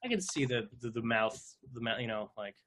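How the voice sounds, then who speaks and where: A man co-hosts a loose podcast, rambling and joking, now and then trying a silly impression. His voice sits mid-pitch and sounds bright and forward. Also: expressive, brisk. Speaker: podcast co-host. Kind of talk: casual podcast chat.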